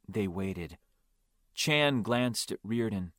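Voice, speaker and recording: A man's voice: on the low side, takes it slowly, fairly bright tone, no room sound, clean studio sound. A man narrating a first-person audiobook in a wry, understated way.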